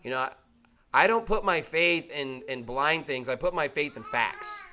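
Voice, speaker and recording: A man's voice: a little high, moderate pace, background noise. A man preaching a sermon, reading scripture and mocking excuses in quoted voices. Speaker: pastor.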